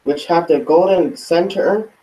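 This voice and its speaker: A man's voice: a little high, measured pace, mellow, poor audio. A man reading short scripture phrases aloud on cue during a Bible study. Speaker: scripture reader.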